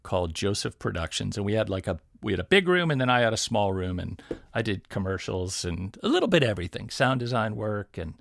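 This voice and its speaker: A middle-aged man with a gravelly, creaky edge tells a story with animated energy and easy laughs. He is recorded close on a dry mic with no room sound. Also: fairly low pitch, a little fast, no room sound. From Detroit area, USA. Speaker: guest audio producer. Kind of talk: casual storytelling interview.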